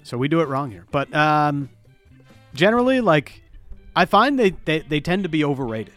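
A man's voice: a little high, sing-song, moderate pace, a bit bright, faint music behind. Easygoing male radio co-host. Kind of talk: casual radio banter.

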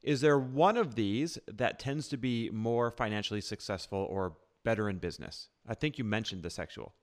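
Give me a man hosting a podcast who interviews his guest with enthusiasm. His voice is somewhat low, and he strings his questions out at length. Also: moderate pace. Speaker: podcast host.

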